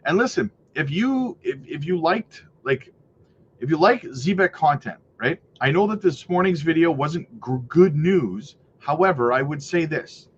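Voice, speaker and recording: A man's voice: on the high side, lively intonation, measured pace. A man hosting a casual livestream, reading viewer comments aloud in an upbeat, hyped way, full of "you know" and "right". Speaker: crypto livestream host. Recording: slightly muffled with faint noise.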